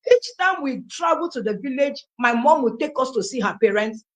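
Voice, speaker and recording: A woman's voice: sits high, expressive, normal speed. A Nigerian woman in her thirties, first language Igbo, telling her life story aloud and acting out the dialogue. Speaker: testimony speaker.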